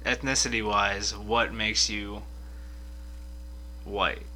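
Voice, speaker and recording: A man's voice: fairly low pitch, level tone, bright, forceful tone. A young man co-hosting a podcast in casual chat, teasing and quizzing his friend, with mains hum behind. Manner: slow, teasing, questioning. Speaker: podcast co-host.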